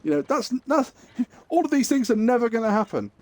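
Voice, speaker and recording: A man's voice: extremely high pitch, sing-song, brisk, darkish tone. A man streaming live, telling crude, jokey stories in a rambling, casual way.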